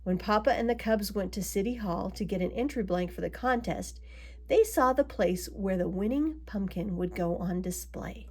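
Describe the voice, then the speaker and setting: A woman reading a children's picture book aloud, adding gentle asides to her young listeners. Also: medium pitch, moderate pace, husky. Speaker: storybook reader.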